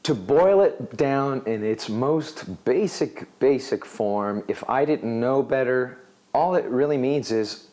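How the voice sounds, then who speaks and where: Guy teaching english phrases on video, super animated, voice bounces all over, middle pitch. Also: slow. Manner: animated, acts out example dialogues. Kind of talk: video lesson explaining a phrase.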